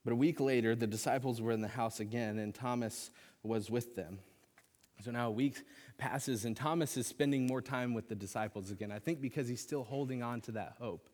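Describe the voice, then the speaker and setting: A man's voice: medium pitch, fairly quick, darkish tone. Earnest man preaching in a reverberant hall. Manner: earnest, conversational, with casual fillers. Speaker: pastor. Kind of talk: sermon. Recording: long reverb of a large hall.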